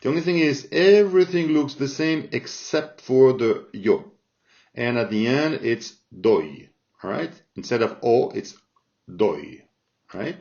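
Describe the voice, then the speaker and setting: Slow man teaching grammar, lo-fi sound. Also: mid-range voice, expressive, darkish tone. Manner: slow, repeats forms, checks in with "all right?". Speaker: Spanish teacher. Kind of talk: explaining grammar from a chart. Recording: dull lo-fi sound.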